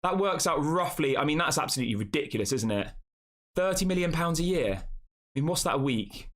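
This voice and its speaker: A man's voice: on the high side, animated, a little fast, a bit bright. A young man hosting a casual football live stream, chatting and talking straight to his viewers. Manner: chatty, addresses the chat as guys. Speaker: football channel host.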